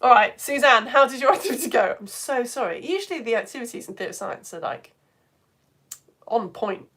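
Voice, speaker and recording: Lively, chatty woman streaming live. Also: on the high side, moderate pace. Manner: chatty and effusive, reads comments aloud. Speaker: online science educator reading viewer comments. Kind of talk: casual live-stream chat.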